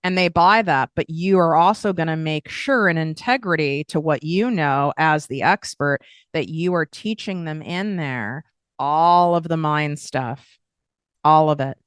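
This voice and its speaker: A woman hosting a podcast and coaching listeners on online business in a blunt, casual, animated way with frequent swearing. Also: low-pitched, a little slow, clear, resonant tone, no room sound, studio quality. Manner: blunt, swears freely, animated with emphatic asides.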